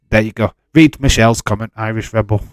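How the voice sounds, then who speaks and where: Lowish-voiced man hosting live chat. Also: steady tone, normal speed, no echo. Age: 40s. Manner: defensive, talks straight to chatters by name. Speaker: livestream host. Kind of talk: casual watch-along chat, answering live chat.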